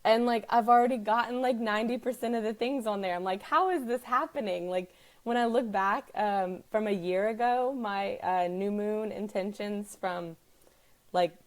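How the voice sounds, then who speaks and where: Woman host, live-stream chat, earnest, filler-heavy, mid-pitched. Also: normal speed. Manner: chatty, earnest, heavy use of "like". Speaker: wellness business owner hosting a live stream. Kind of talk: casual live-stream talk.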